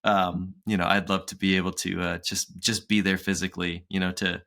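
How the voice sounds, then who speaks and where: A man's voice: deep voice, little pitch movement, fairly quick, pushed and bright. A man in his forties, co-hosting a podcast in a chatty, casual way, laughing often and acting out quotes. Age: 40s. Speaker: podcast co-host.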